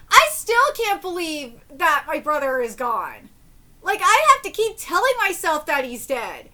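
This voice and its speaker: A woman's voice: extremely high pitch, bright, forceful tone. A woman in her thirties streaming a live manga reaction. She talks candidly and tearfully, swearing freely.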